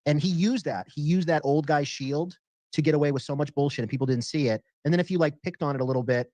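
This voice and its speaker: Rapid scornful man. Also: a little high, a little mellow, dry recording. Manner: scornful, analytical, profane. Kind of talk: casual heated chat.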